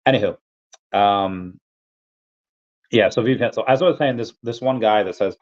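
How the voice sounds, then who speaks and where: A man with a low voice hosts a casual livestream, talking loosely and reading out viewer comments as they come in. He rambles from one point to the next. The audio is dull and lo-fi. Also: normal speed. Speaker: livestream host.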